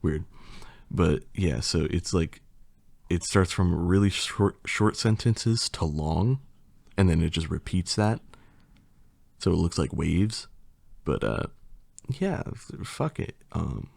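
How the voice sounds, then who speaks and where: Deep-voiced man, gravelly and slow. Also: darkish tone, dry recording. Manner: rambling, laughs a lot, swears. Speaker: channel host. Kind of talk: casual chat and reading a poem aloud.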